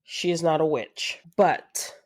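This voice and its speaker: A woman co-hosting a podcast, animatedly pitching a book recommendation in casual chat. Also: slow pace. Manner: animated, laughing, self-deprecating. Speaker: podcast co-host.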